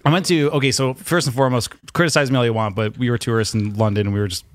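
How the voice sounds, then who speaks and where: A man from Rochester, New York, co-hosting a loose, joking chat. He wanders through stories with quick laughs, and his voice sits close and dry with no room around it. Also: mid-range voice, fairly even intonation, no room sound. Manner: rambling storyteller, quick laughs. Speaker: podcast co-host. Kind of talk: casual banter.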